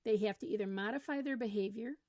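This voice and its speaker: A middle-aged woman explains parenting strategies in an earnest, instructional way and acts out lively examples. Her voice sits at an ordinary pitch for a woman. The recording is dry and close, with no room echo. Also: quick pace. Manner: earnest, with animated acted-out examples. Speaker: parenting coach. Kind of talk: instructional talk to camera.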